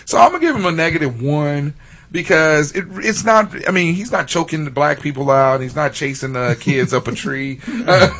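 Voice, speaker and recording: A man's voice: fairly high pitch, moderate pace, a bit bright. A man telling a story in casual podcast chat, laughing often and restarting his sentences. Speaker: podcast co-host.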